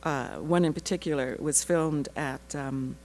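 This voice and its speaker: An actress telling an animated personal story at a panel, laughing often and breaking off into asides. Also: female voice, sits low, unhurried, slight background noise, rough recording. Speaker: actress sharing her research story.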